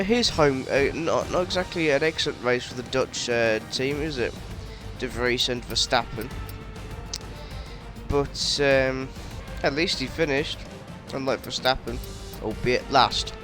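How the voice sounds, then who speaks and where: A man recapping a racing game in a casual, rambling way, with lots of fillers and self-corrections, hiccuping now and then. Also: a little high. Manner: excitable, laughing outbursts. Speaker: gaming YouTuber. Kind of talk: casual race recap commentary.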